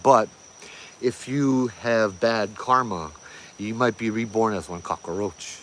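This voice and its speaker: A man with a Hawaiian Pidgin accent, casually telling ghost legends with lively, laughing asides. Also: on the low side, takes it slowly, slight background noise. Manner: animated, laughing, pidgin phrasing. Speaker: ghost story host. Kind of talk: casual storytelling.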